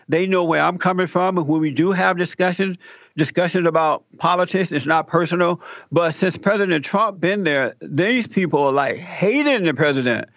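A man's voice: a little high, dry recording, dull audio. An older man, a radio talk show host, telling a personal story as an interview guest and acting out the dialogue in it. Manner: animated storyteller, acts out quoted dialogue.

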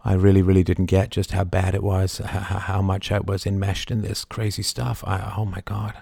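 A middle-aged man hosting a live show, talking passionately and swinging from soft asides to loud, emphatic outbursts. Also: deep voice, completely flat delivery, normal speed, creaky, slightly rough, no room sound, clean studio sound. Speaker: show host. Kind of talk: impassioned live-stream monologue.

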